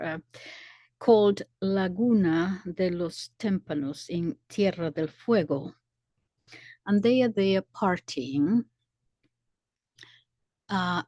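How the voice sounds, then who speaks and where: A woman commentator explaining events slowly, often pausing to search for words. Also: on the low side, darkish tone, no room sound. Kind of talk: commentary video.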